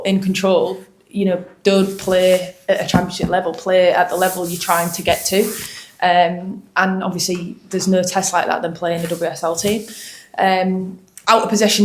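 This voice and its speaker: A woman's voice: on the low side, reverberant. A young woman footballer from Hull with a Hull accent, answering post-match interview questions in a chatty way, with frequent ums and restarts. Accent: Hull English. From Hull, England.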